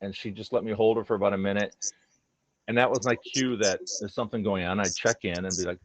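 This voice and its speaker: A man with a low voice tells stories about his dogs in a relaxed, earnest chat. He sometimes slips into quoted voices for his pets' thoughts. The recording is dull and lo-fi. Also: a little fast, no room sound. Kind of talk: casual storytelling chat.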